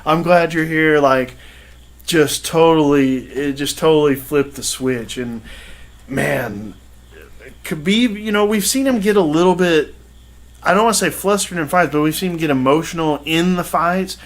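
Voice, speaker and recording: Rambling, slightly high-voiced man. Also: a little slow. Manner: rambling storytelling with many fillers. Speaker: podcast co-host. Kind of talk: casual podcast chat.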